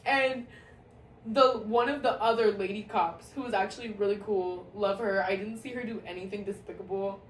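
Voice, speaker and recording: A woman's voice: medium pitch, moderate pace. Young woman telling a profane story. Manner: profane, animated, laughing often. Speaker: storyteller vlogger. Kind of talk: casual storytime monologue. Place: at home, indoor room. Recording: echoey room, distant mic, faint hiss.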